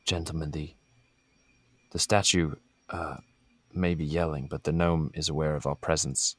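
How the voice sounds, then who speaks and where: A man playing a tabletop game, speaking formally and in a measured way in character. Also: very deep voice, little pitch movement, no echo. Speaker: player.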